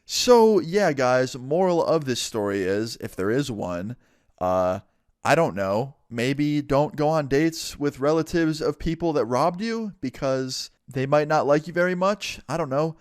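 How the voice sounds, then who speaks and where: A man's voice: fairly high pitch, a little slow, clean tone, dry recording. Young man telling a story, dry sound. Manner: animated retelling with casual swearing. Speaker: storytime vlogger. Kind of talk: casual storytelling.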